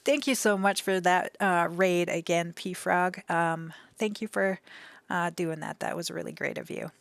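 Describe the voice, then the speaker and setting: A young adult woman streaming from home, talking in a gentle, emotional way with many fillers and restarts. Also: on the low side, steady tone, a little slow, gravelly, dry recording. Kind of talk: casual live-stream chat.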